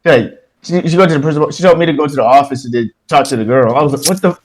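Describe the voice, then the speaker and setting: A young man co-hosting a casual podcast, telling a story in an animated way, swearing and laughing as he goes. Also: medium pitch, rapid-fire, rough recording. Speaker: podcast co-host.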